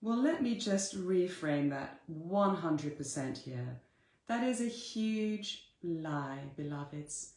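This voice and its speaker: A woman's voice: fairly low pitch, lively intonation, slow pace, a little mellow, reverberant. A woman giving a live-streamed motivational talk, earnest and direct, repeating her key phrases to her listeners. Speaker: spiritual coach.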